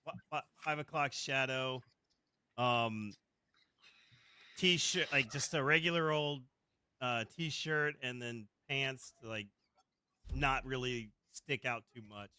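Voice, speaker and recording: A man playing in a tabletop game, describing his character slowly and haltingly. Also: medium pitch, bright, forceful tone, clear, resonant tone, no echo. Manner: slow, halting, hesitant. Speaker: player. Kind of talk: casual tabletop play.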